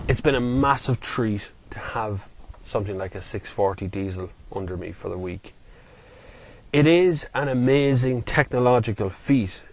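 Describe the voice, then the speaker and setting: A man giving running commentary while driving, excitable and given to whoops and laughter. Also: mid-range voice, breathy edge, low-quality recording. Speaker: car reviewer. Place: inside a moving car. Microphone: in-car mic while driving. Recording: loud car engine and road noise.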